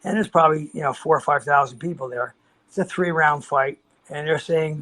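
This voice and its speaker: Older man telling animated stories. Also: on the high side, fairly quick, rough recording. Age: 60s. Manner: animated storyteller, acts out quoted voices, many restarts. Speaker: guest, martial arts grandmaster. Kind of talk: casual storytelling interview.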